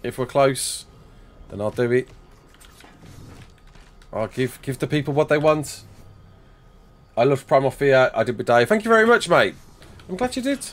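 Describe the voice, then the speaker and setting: A young English man on a live game stream, bouncing through viewer comments in easy banter. His pitch jumps up and down a lot. He talks into a desk mic. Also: lively intonation. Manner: chatty, reads viewer comments aloud and answers them, quick laughs. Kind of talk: casual live-stream chat while gaming. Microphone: desk mic with face cam.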